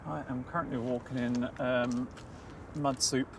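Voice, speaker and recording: Trudging through mud at an airport, this male co-host of a relaxed plane spotting stream speaks at medium pitch, flat and unhurried, with a creaky quality. The distant recording carries a little hiss or hum, and he chats in a self-deprecating way while reading flight details aloud.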